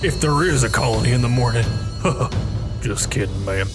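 Deadpan man role-playing over game music. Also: mid-range voice, normal speed. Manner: deadpan, absurd, in-character. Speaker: game video creator. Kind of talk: comedic role-play game commentary.

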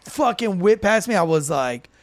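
A man co-hosting a podcast, telling a story in casual chat, lively, swearing freely and acting out the people he quotes. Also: sits high, normal speed, no room sound. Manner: animated, acts out quoted voices, swears freely. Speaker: podcast co-host.

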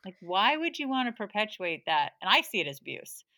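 A woman hosting an interview in a candid, chatty way, sharing her own stories as she goes. Her voice is bright and forceful. It is recorded close and dry, with almost no room sound. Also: mid-range voice, sing-song, brisk, no room sound. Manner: candid and chatty, with personal anecdotes. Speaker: interview host. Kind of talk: casual interview conversation.

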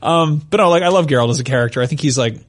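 A young adult man hosting a casual podcast, talking animatedly and slipping into goofy high-pitched impressions. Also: very fast. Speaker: podcast host.

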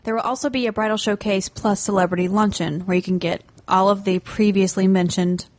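A woman's voice: medium pitch, fairly even intonation, brisk, a little mellow, no room sound. Chatty woman podcast co-host. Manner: chatty, laughs easily. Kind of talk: casual chat.

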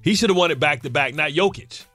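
Male sports radio co-host, bright and somewhat high voice, dry studio sound, playful and loud. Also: fast talker, no room sound, soft background music. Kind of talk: casual sports radio banter.

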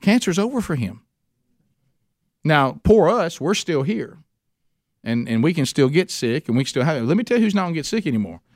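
Folksy male pastor, fairly high voice, dry sound, chatty sermon delivery with lots of asides. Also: sing-song, fairly quick, no room sound. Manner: folksy, conversational, frequent restarts and asides.

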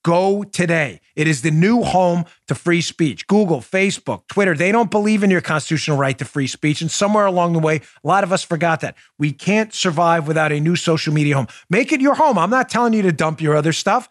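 Man, high-pitched, middle-aged podcast host, mocking political commentary, loud bursts. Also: a little fast, hardly any pauses. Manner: mocking, loud outbursts, mock-theatrical recitation.

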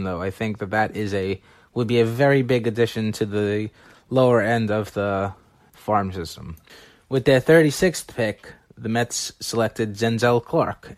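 A man's voice: medium pitch, dry recording. A man talking through baseball prospects in a casual, analytical way, now and then correcting himself. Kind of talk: solo scouting commentary.

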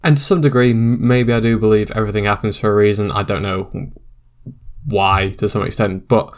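A man's voice: lowish voice, steady tone, brisk. A man hosting a podcast interview, reflecting aloud in a casual, thoughtful way. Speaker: podcast host.

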